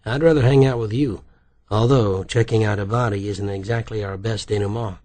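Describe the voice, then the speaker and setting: A man's voice: fairly low pitch, fairly even intonation, fairly quick, darkish tone, close to an everyday voice. Man reading a wry, joking man. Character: witty, playful male writer, lover. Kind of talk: audiobook character voice.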